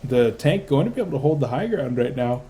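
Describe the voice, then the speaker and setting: A tired man casting a video game match live, with rapid play-by-play and excitable bursts. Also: medium pitch, slight background noise. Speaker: play-by-play esports caster.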